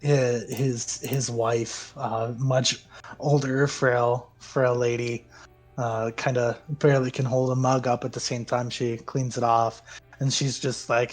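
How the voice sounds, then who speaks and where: A man's voice: mid-range voice, flat delivery, takes it slowly, soft background music. A man narrating as game master in a loose, casual way, with fillers and laughs.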